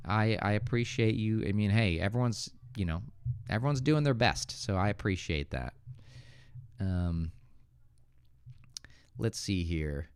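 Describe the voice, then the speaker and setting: A man with an American accent teaches English live, his pitch rising and falling a lot as he reads viewers' questions and teases them. The close microphone gives a dry sound with almost no room in it. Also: measured pace, long pauses, smooth, no echo. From Northeastern United States. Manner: relaxed, joking, reads viewer comments aloud and corrects them. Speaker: English teacher hosting a livestream. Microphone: good studio microphone.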